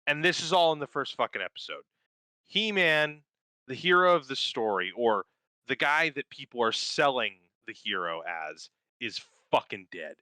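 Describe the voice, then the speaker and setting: A man talking loosely on a podcast, swearing freely and rambling with eager excitement. His voice is bright and forceful, crisp and smooth, and the recording is dry and close. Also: mid-range voice, normal speed, no echo, rough recording. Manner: profane, enthusiastic, rambling with fillers. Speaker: podcast co-host. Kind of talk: casual chat, recapping a cartoon series.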